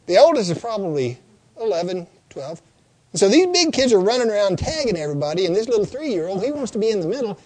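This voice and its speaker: Folksy older male preacher, slightly high voice. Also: very animated, darkish tone. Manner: folksy storytelling, slow emphatic lists and repetitions. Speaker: pastor. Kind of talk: sermon.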